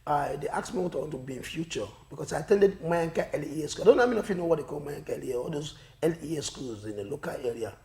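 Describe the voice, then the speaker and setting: High gravelly Nigerian man telling comic stories. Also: racing, hardly any pauses. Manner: animated, acts out voices, laughs often. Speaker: guest comedian. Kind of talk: comic storytelling. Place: studio.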